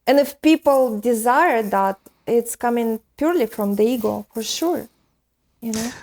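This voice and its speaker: A woman's voice: fairly high pitch, a little slow, a little mellow. A woman guest on a podcast, speaking earnestly and reflectively. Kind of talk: podcast interview.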